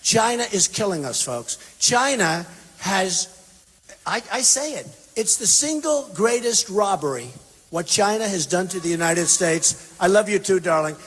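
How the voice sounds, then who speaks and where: A man giving a campaign rally speech, emphatic and repetitive, swinging between shouted bursts and quiet asides. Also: high voice, animated, unhurried, slightly rough. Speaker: political candidate speaking at a rally. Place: large university venue. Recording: long reverb from a big hall.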